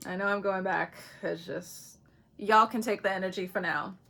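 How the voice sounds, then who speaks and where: Woman, mid-pitched voice, loose and chatty for a spiritual reading, quick laughs throughout and casual swearing. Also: fairly even intonation, pushed and bright. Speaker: astrology reader.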